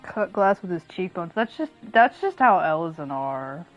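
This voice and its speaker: A woman's voice: on the low side, sing-song, normal speed. A woman streamer joking and laughing as she plays a game and voices its dialogue. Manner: joking and playful, keeps laughing. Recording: dull lo-fi audio with faint music.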